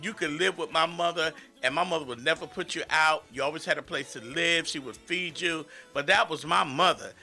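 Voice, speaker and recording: Male American preacher, fervent sermon delivery, very bright voice, faint music bed. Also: a little high, brisk, hardly any pauses. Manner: emphatic, rising into fervent declarations. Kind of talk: radio sermon.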